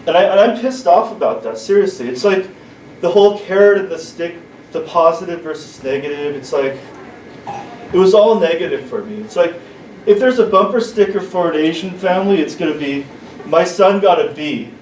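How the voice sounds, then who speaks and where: A man's voice: high voice, lively intonation, a little mellow. A man performing a stumbling open-mic stand-up set in a small comedy club, restarting his sentences often. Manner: halting, stumbling delivery with many restarts. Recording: echoey club, distant mic, room noise.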